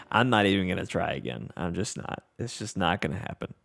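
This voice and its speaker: A man with a Southern drawl chats casually while he streams a game, reading viewers' messages back and poking fun at himself. His voice sits low with a gravelly fry. Faint game music plays behind him. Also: very animated, normal speed, a bit bright. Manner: easygoing, reads chat aloud, self-deprecating. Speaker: livestream host. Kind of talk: casual gameplay livestream chat.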